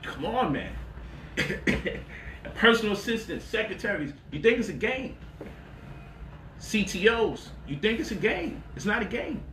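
A man hosting a lively talk about money, boasting, laughing and swearing freely, and mocking his critics in quoted voices. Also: high-pitched, measured pace, echoey room, a little hiss or hum. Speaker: host. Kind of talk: animated livestream talk.

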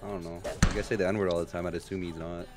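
A man's voice: deep voice, little pitch movement, rapid-fire, music in the background. A young man in casual gaming voice chat, teasing and blunt, laughing often. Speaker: gaming friend.

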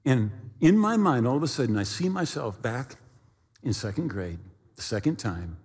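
Animated, husky-voiced pastor in a reverberant hall. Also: male voice, medium pitch, normal speed. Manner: animated storyteller with sound effects and acted quotes. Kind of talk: sermon storytelling.

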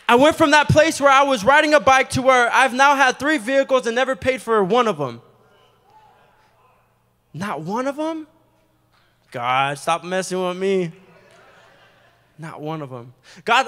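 Young man preaching his testimony, lively storyteller with quick asides, bright tone, church hall reverb. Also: very high voice. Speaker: guest preacher giving testimony. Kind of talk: sermon testimony. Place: church sanctuary.

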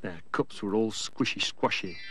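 A man's voice: fairly low pitch, normal speed, music in the background. A man narrating a children's story in a playful way, savouring the sound words.

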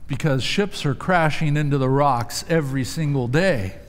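Pastor preaching in a reverberant hall. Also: male voice, on the high side, moderate pace, few pauses. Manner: storytelling, emphatic rises. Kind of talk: sermon. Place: church sanctuary.

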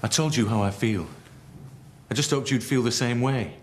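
A man's voice: mid-range voice, moderate pace, a little hiss or hum, natural voice. An actor playing an earnest young man who confesses his love to a colleague, in a television soap. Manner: earnest, pressing.

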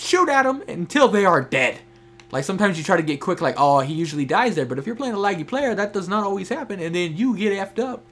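With faint gunfire from the game in the background, a young man streams a shooter, chatting casually with teammates and viewers. His voice is a little high and a bit bright.

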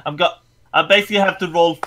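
A man playing a tabletop game, stumbling quickly through rules talk. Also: sits high, steady tone, background noise. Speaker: player. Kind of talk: casual chat.

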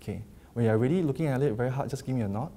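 A man's voice: medium pitch, dark tone. Man hypnotizing volunteers in hall. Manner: slow, soothing hypnotic induction alternating with upbeat stage talk. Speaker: lecturer and hypnosis demonstrator. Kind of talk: live public lecture with hypnosis demonstration. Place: large lecture hall with audience. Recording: echoey hall, faint noise.

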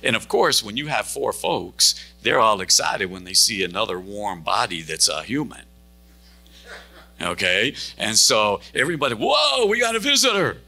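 Gravelly-voiced preacher with a bright edge. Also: male voice, lowish voice, expressive, moderate pace. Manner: storytelling preacher who acts out dialogue. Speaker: pastor. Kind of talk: sermon. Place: church sanctuary.

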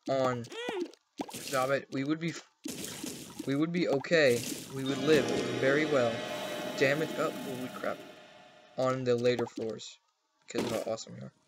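Chatty young man with noisy recording. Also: medium pitch. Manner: chatty, goofy, talks to his pets. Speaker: gaming channel host. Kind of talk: casual let's play commentary.

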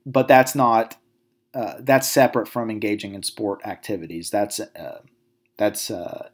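A man's voice: lowish voice, steady tone, measured pace. A man with a Southern American accent, a psychology instructor giving a recorded lecture over slides, speaking in a conversational way with many fillers and restarts. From Southern United States.

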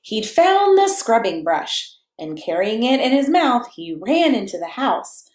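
A woman reading a picture book aloud to children in a playful, animated way, chatting to them and to her dog between pages. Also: fairly high pitch, a little slow. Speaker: children's story reader. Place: church or home room, echoey. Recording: echoey room.

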